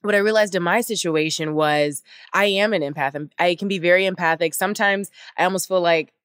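Woman, podcast host, lower pitch, candid, reflective, dry close sound. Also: a little fast, fairly bright tone, smooth, no echo. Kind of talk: casual interview conversation.

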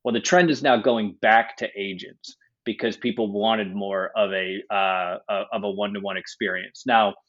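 Man, podcast guest, business talk, measured, lots of fillers, lowish voice, muffled lo-fi sound. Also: steady tone, fairly bright tone. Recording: dull lo-fi sound.

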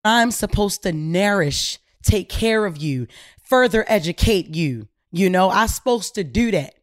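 A woman's voice: mid-range voice, a little slow, no room sound, clean studio sound. A woman hosting a casual talk show, telling a story in slangy, emphatic speech and acting out the people she quotes. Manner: animated, acts out quoted voices, slangy and emphatic. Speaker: podcast host.

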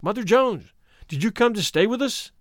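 Man reading as a sobbing little boy, pleading, slightly raised pitch, dry sound. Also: lively intonation, moderate pace, no echo. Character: frightened crying little boy.

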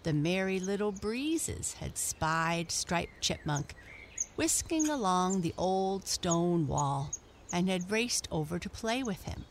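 A woman storyteller reading a children's story aloud in a gentle, expressive way. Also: lowish voice, slow pace, slight background noise.

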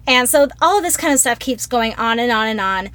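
A woman's voice: a little high, a little fast, dry recording. A woman co-hosting a podcast, retelling a film plot in casual chat and acting out the quotes. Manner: animated storyteller, acts out quotes. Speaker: podcast co-host.

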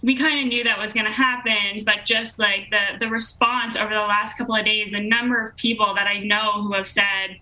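A woman journalist joining a sports panel remotely over a video call, excited and gushing as she talks. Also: mid-range voice, fairly quick, few pauses, low-quality recording. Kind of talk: casual panel discussion.

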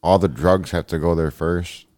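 A man co-hosting a podcast in casual chat, joking with quick, profane comebacks. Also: deep voice, steady tone, darkish tone, dry recording, studio quality. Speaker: podcast co-host.

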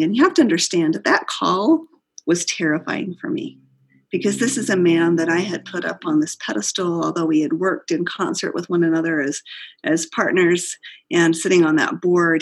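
Brief: middle-aged woman guest, low gravelly voice, earnest reflective storyteller. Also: moderate pace. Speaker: guest, company founder. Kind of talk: storytelling interview.

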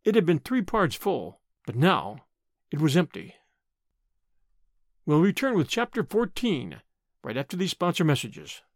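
Guy reading an audiobook, lively up-and-down voice, dry close mic. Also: a little high, measured pace, pauses often, no room sound. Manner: expressive, clear storytelling. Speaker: audiobook narrator. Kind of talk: scripted audiobook narration.

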